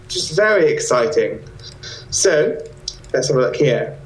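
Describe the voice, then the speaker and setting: Co-host, chatty man, mid-pitched, recorded in an echoey room. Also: big pitch swings, a little slow. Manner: chatty, explains at length, reads out listener messages. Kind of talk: casual radio chat. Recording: roomy echo.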